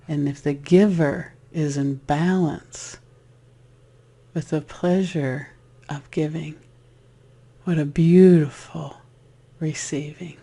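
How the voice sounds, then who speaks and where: A spiritual speaker telling a personal story in a casual way, rambling with restarts and acting out voices. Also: medium pitch. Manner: animated, acts out voices in the story.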